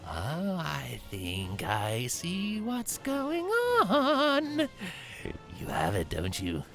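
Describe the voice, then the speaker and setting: A man's voice: fairly high pitch, huge pitch swings, drawn-out words, gravelly, a bit bright, faint music behind, voice pushed up, full character voice. A man voicing an arrogant male jester villain who is boastful and mocking, with a theatrical, gloating delivery.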